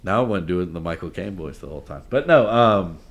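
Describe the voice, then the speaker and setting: A man's voice: sits low, animated, fast talker. A man co-hosting a sports podcast, talking in a rambling casual way that trails off and restarts. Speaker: podcast co-host.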